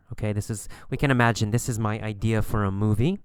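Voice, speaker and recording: Smooth-voiced man teaching English. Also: on the low side, steady tone, no room sound, studio quality. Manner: slow, repetitive, encouraging. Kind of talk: recorded language lesson.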